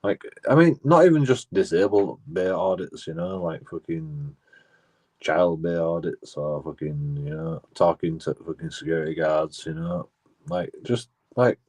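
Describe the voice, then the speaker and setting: A man's voice: deep voice, a little slow, a little mellow. A man rambling casually in a profane, repetitive monologue, restarting his phrases as he talks. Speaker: auditor vlogger.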